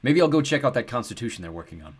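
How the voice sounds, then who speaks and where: A man's voice: medium pitch, big pitch swings, very fast. A man reading the lines of a wry, hopeful adult mentor in an audiobook.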